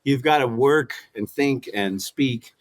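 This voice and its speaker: A man in his fifties, a guest in a casual interview, telling stories in an animated way, acting out quotes and laughing often. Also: mid-range voice, slow, dry recording. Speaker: guest, former fighter and commentator.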